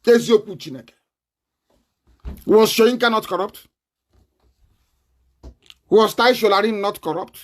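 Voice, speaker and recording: A man with a Nigerian accent giving a combative live online broadcast, laughing often and breaking into shouts. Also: high-pitched, fairly even intonation, a little slow, long pauses.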